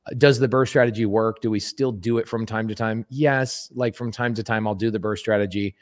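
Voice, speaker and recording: A man with a fairly low voice talks casually as a podcast guest. He is emphatic and animated and drives his points home by repeating words. He slips into little acted-out bits of dialogue as he goes. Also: a little fast. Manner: emphatic, animated storyteller who acts out quoted speech.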